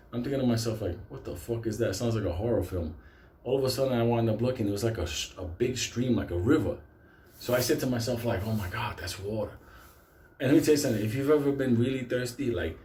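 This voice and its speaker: A man's voice: mid-range voice, roomy sound, slight background noise. Foul-mouthed man telling a wild story. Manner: heavy swearing, animated retelling. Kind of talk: casual comic storytelling.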